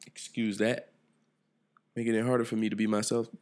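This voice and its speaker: A man hosts his own podcast solo, speaking reflectively in a loose, profane monologue that trails off and restarts. His voice sits on the low side, brisk and darkish, with little pitch movement.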